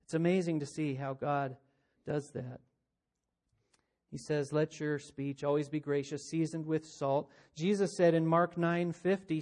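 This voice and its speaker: A man's voice: on the high side, fairly even intonation, measured pace, darkish tone. A man preaching a sermon, earnest and questioning, often voicing imagined listeners as he speaks. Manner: earnest, uses rhetorical questions and quoted voices. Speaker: pastor.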